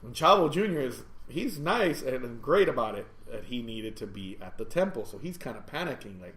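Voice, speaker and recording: A man telling a rambling, animated story in casual chat, with frequent restarts. His voice sits at an ordinary middle pitch, and the recording is roomy and echoey, made inside his store. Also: moderate pace, hardly any pauses. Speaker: podcast host and store owner. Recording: echoey room.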